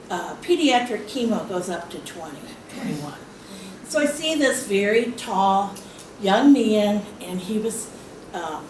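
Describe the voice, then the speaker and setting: A woman's voice: medium pitch, darkish tone. A woman at a knitting guild meeting, telling stories about donating hats with lots of laughs and fillers. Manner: chatty, laughing storyteller with fillers. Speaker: guild member speaking on charity. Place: meeting hall. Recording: echoey hall from far off, hiss.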